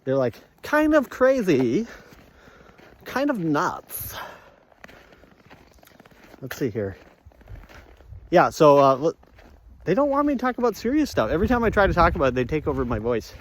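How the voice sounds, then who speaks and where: A man's voice: fairly high pitch, huge pitch swings, moderate pace, pauses often, slight background noise. A man talking casually in a walk-and-talk vlog, playful and rambling, often drifting into sing-song and laughter. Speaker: vlogger. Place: outdoors on a walk.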